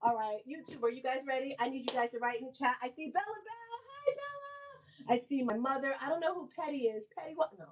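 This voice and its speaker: A middle-aged woman hosting a live-streamed book event. She is animated and laughs often as she talks to the audience. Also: high voice, fast, hardly any pauses, a little hiss or hum. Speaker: host and author. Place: bookstore event space. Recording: dull lo-fi sound.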